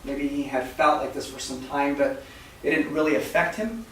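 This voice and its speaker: A man preaching a sermon as a story, soft-spoken and halting, with many fillers and repeated words. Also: fairly high pitch, fairly even intonation. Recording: very echoey hall, mic far off, faint noise.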